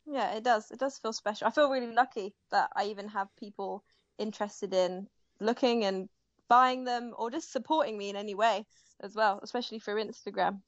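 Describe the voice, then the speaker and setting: A young adult embroidery artist chats warmly as a guest in a casual interview, giggling often and using many fillers and restarts. Her mid-range voice is fairly quick, captured with a dull, dry home-mic sound and no room sound.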